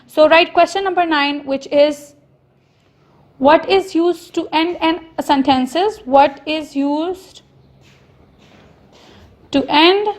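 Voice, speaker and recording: A woman teacher from Pakistan giving a recorded lesson to young pupils, explaining slowly and repeating example sentences with stress. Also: high-pitched. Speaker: school teacher.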